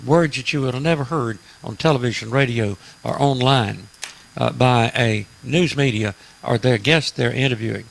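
A man's voice: mid-range voice, moderate pace, creaky, rough recording. A man hosting a radio talk show, delivering an emphatic, preachy political monologue with frequent "uh" fillers.

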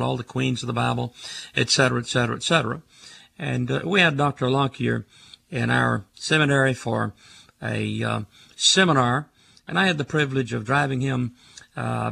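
Gravelly older man preaching on radio. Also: mid-range voice, a bit bright, dry recording. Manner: emphatic, stacks words in rhythmic lists. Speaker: radio talk show host and preacher. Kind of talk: preaching call-in radio talk.

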